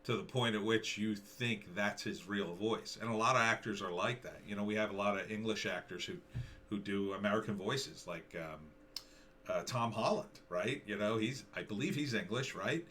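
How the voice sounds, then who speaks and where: A man's voice: on the low side, moderate pace, sharp tone, slight background noise. A middle-aged man giving opinionated, casual commentary, rambling and sarcastic, with lots of fillers and restarts. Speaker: commentary vlogger.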